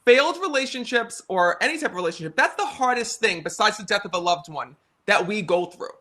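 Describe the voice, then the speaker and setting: Earnest high-voiced American man storytelling. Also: fairly quick. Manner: earnest, animated, talks to the audience with many "right?" and "you know". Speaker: psychic medium guest. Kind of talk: casual storytelling conversation.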